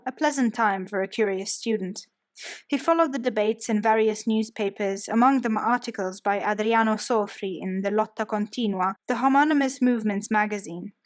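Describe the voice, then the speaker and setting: A woman narrating a biography audiobook in a steady storytelling manner. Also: fairly high pitch. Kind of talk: scripted narration.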